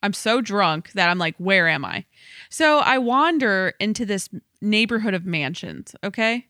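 A bright-voiced woman tells a wild night-out story on a podcast, acting out every line with lots of "like". The sound is dry and close. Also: medium pitch, expressive, a little slow, no echo. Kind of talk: casual storytelling chat.

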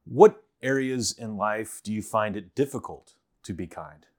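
A man's voice: on the low side, lively intonation, a little slow, a little mellow. A man hosting a podcast, asking short, friendly questions in a casual way. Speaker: podcast host. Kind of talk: casual chat.

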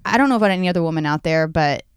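A woman's voice: sits low, lively intonation, rapid-fire, smooth, no room sound, clean studio sound. A woman co-hosting a casual chat show, talking in a chatty way and wandering off on tangents.

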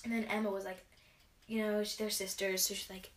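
A woman's voice: mid-range voice, little pitch movement, a little fast. A teenage girl ranting casually into her camera from her bedroom, rambling and exasperated, sighing often and restarting her sentences. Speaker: vlogger and gymnast.

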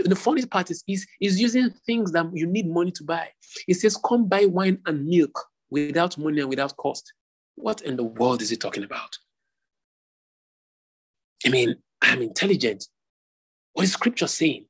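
A man's voice: on the high side, lively intonation, moderate pace, gravelly, slightly rough. A man preaching a sermon to an online group, asking rhetorical questions and repeating phrases for emphasis. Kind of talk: sermon teaching.

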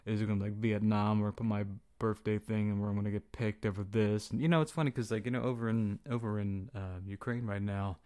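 Young man, podcast host, casual opinion monologue, slangy and profane, lowish pitch. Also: steady tone, fast talker, few pauses, a little mellow, clean tone. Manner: flippant, profane, slangy, acts out quotes.

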